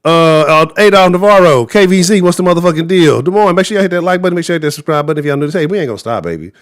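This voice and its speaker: A man's voice: a little high, lively intonation, very fast. A young adult man, hosting a live-streamed sports talk show in a heated, profane rant.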